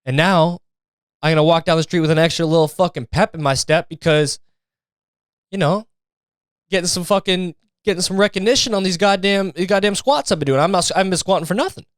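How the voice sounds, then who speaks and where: A young podcast host with a high voice talks fairly quickly in a dry, echo-free recording. He rambles through stories in a casual comedic monologue, swearing, joking, and imitating people for laughs.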